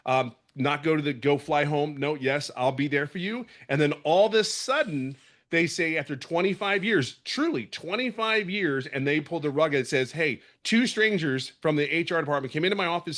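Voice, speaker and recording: A man's voice: medium pitch, fairly bright tone. A middle-aged man from the Philadelphia area, giving an emphatic, impassioned testimonial in casual talk, with frequent restarts. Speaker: program member giving a testimonial.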